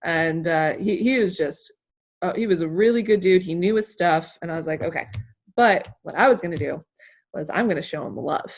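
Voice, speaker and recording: Emotional, rambling woman, low voice. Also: normal speed. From United States. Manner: animated, emotional, rambling with many fillers. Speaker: interview guest, hammer thrower. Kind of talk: casual interview storytelling.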